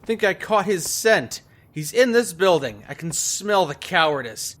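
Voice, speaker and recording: A man's voice: sits high, big pitch swings, normal speed, fairly bright tone. A man commenting on his gameplay, joking sarcastically and playing his character aloud. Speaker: gaming video host.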